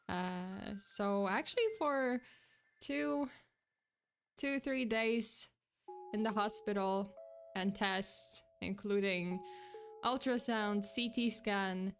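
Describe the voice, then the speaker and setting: Tired woman streamer, casual livestream chat, breathy and low-key, chatty, faint music underneath. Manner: low-energy, chatty, greets chat by name, laughs often.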